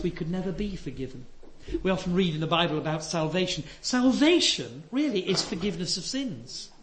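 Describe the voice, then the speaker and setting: An older man preaching a sermon, earnest and emphatic, dropping to soft asides. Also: sits high, a little hiss or hum. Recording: echoey hall.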